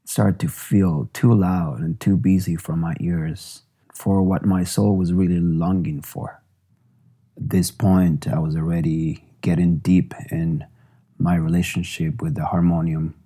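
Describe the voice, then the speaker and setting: A man, a musician, narrating his own memoir in a measured, reflective way. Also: low-pitched, fairly even intonation, warm tone, breathy edge.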